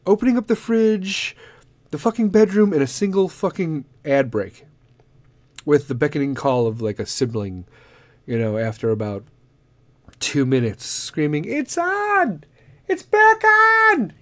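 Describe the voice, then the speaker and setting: A middle-aged man hosting a podcast, delivering a profane comedic rant that is full of swearing and bursts into shouted impressions. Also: mid-range voice, moderate pace, long pauses, no room sound. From Illinois. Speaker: podcast host.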